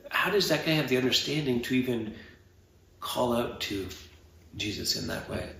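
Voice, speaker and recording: Gravelly man preaching in an echoey church. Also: medium pitch, animated, pushed and bright, slight background noise. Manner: earnest, measured, with fillers and pauses. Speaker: pastor. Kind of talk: sermon. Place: church sanctuary. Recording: roomy church sound from a distant mic.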